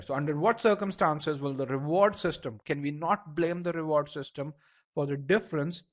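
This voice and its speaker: A man teaching a live online test-prep class, explaining step by step, repeating words as he thinks and asking the audience for responses. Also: a little high.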